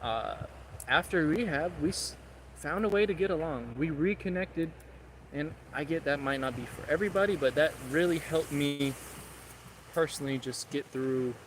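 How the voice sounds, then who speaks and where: Young guy rambling earnestly outdoors, slightly high voice, faint outdoor noise behind. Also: moderate pace. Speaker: vlogger. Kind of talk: casual motivational talk. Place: outdoors, public area.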